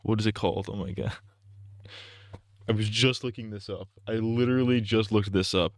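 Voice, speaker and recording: A man's voice: lowish voice, fairly even intonation, normal speed, no echo. A young man rambling crude jokes on a casual gaming livestream. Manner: crude, rambling, giggly banter.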